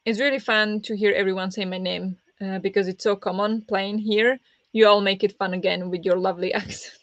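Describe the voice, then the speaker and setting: A woman's voice: medium pitch, dry recording, muffled recording. A woman hosting a live reading sprint stream, chatting with viewers and laughing often, speaking English as a second language. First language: not English. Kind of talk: casual live-stream chat.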